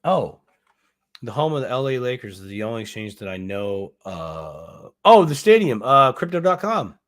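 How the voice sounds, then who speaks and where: A man's voice: medium pitch, very animated, normal speed, fairly bright tone. Rambling, jokey man on a livestream. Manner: rambling, jokey, thinks aloud while browsing. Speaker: co-host. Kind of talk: casual livestream chat.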